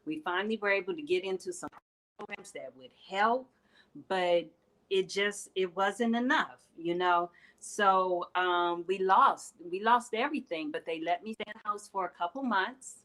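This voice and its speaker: Middle-aged woman, host, bright voice, earnest candid motivational talk, emphatic rises. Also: medium pitch, moderate pace, poor audio. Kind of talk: heartfelt motivational talk to viewers.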